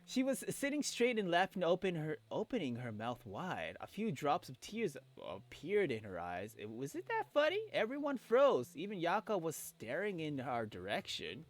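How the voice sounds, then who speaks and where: A man reading a visual novel aloud in a casual playthrough, animated and joking. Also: fairly high pitch, normal speed, few pauses. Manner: animated, joking, swears freely.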